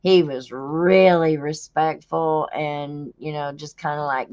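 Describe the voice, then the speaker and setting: A woman's voice: sits low, fairly even intonation, slow, few pauses, darkish tone, smooth, highs cut off. A woman, telling a story to her viewers in casual chat, folksy and drawling, laughing often. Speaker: livestream host.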